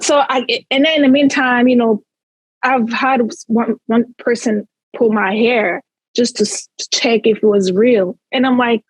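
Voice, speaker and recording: A woman from Central Africa, a podcast guest, telling stories in an animated, chatty way and linking each step with "so". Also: on the high side, measured pace, husky, no echo, poor audio. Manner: animated, tells stories in long chains of "so". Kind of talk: casual storytelling.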